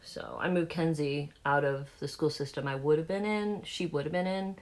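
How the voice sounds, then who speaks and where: A woman's voice: low-pitched, fairly even intonation, moderate pace. A woman in her forties with a Southern accent, talking candidly and rambling through fillers while doing her makeup. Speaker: beauty vlogger.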